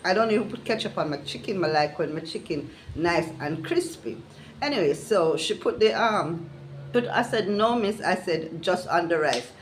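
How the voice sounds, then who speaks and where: A woman's voice: on the low side, normal speed, slight background noise, poor audio. Exasperated older woman ranting. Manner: exasperated, animated, retelling conversations. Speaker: vlogger. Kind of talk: casual storytelling rant.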